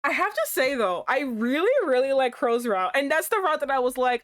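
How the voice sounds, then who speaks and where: Brief: young woman streamer, expressive and bouncy, dry close sound. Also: fast, few pauses, no room sound. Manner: animated, swings into high exclaims. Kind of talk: casual gameplay commentary.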